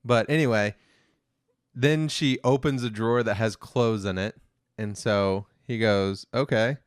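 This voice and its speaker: A man's voice: lowish voice, a little slow, clean tone, dry recording, clean studio sound. A man co-hosting a review podcast, casually retelling an episode's plot in a rambling way with lots of fillers. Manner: rambling, many fillers, quotes characters flatly.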